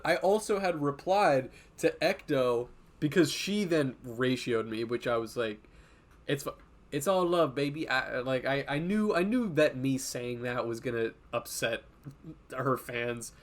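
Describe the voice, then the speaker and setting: A man talking to his viewers on a live stream in a loose, meandering way. He swears freely and laughs between thoughts, in a voice of ordinary middle pitch. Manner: rambling and profane, laughs often. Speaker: streamer and comic artist. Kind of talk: casual live-stream chat.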